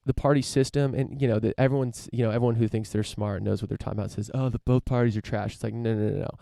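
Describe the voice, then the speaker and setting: Gravelly, low-voiced man ranting casually. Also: little pitch movement, fast, mellow, no echo, clean studio sound. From United States. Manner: rambling, many fillers and restarts, swears casually. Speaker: podcast host. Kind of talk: casual opinion monologue.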